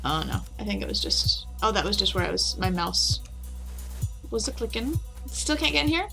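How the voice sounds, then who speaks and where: A woman's voice: medium pitch, sing-song, moderate pace, creaky, pushed and bright, soft background music. A woman playing a video game, reading character lines aloud with playful commentary. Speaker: let's play host.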